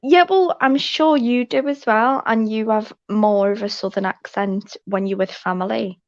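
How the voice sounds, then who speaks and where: A woman from England with a Liverpool accent, a guest on a livestream, talking earnestly and deliberately slowed down. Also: mid-range voice, no echo, highs cut off. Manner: earnest, slowed-down, speaks up brightly. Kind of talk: casual livestream chat.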